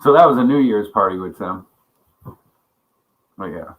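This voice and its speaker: A man's voice: fairly low pitch, animated, moderate pace, phone-quality sound. A man hosting a casual livestream chat, rambling and swearing a lot, often laughing as he greets viewers by name. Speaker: livestream host.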